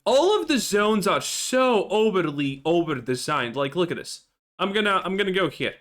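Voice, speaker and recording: A man's voice: high-pitched, sing-song, moderate pace, fairly bright tone. A man giving ranting gameplay commentary, frustrated and profane. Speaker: gaming channel host.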